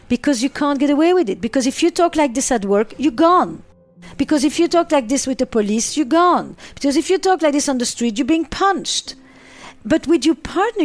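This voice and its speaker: A woman's voice: high voice, a little mellow. A woman therapist answering interview questions, stressing points by repeating and listing words. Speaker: relationship therapist.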